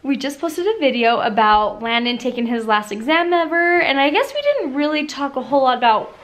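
A woman's voice: high voice, sing-song, brisk, a bit bright. A woman in her thirties, a family vlogger chatting playfully at home and teasing her husband. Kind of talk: casual chat. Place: home, partly in the backyard.

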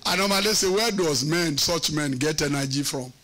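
A man's voice: on the high side, a little slow, sharp tone. A man preaching a sermon as pastor, emphatic and teasing, using call-and-response questions and repeating words for effect.

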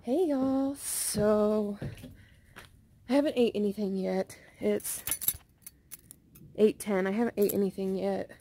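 A tired young woman rambling casually to her phone camera in a vlog, sleepy and unhurried. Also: mid-range voice, steady tone, dark tone. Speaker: vlogger. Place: car, bed, then walking outdoors at night.

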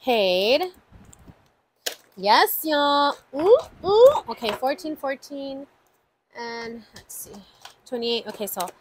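A woman talking to her viewers in a casual budgeting vlog, her voice sitting a little high. She takes her time, counting numbers aloud in an unhurried way and breaking into frequent exclamations. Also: slight background noise, low-quality recording. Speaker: budgeting channel host. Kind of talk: casual savings-challenge vlog.

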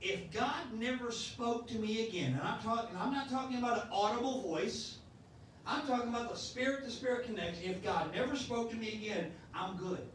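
A man's voice: very high-pitched, brisk, slight background noise. A man in his sixties preaching a sermon as pastor, in a folksy style with many restarts. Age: 60s. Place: church sanctuary. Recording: echoey church sound from a distance.

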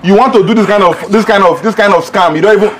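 A man's voice: sits high, fast. A man with a Nigerian accent playing a brash waiter in a comedy skit, making threats and slipping into pidgin.

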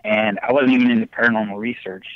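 A man telling his ghost story as a podcast guest, animated and excitable, with big jumps in his voice. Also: fairly low pitch, fast, no echo. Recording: dull, lo-fi remote audio.

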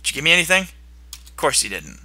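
A man's voice: fairly high pitch, wildly swooping pitch, brisk, heavy background noise. A young man giving playful gameplay commentary and taunting the monsters on screen. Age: young adult. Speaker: gaming video host.

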